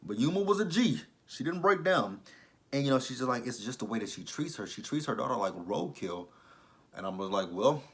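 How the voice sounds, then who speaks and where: A man's voice: medium pitch, animated, a little fast. A man giving a casual, blunt and profane recap of a TV episode, exasperated with the characters. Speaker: TV show reviewer.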